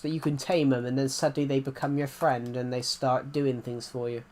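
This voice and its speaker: A man's voice: medium pitch, steady tone, a little fast, hardly any pauses. A man, chatting casually on a live stream and rambling through restarts and repeated phrases. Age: 20s.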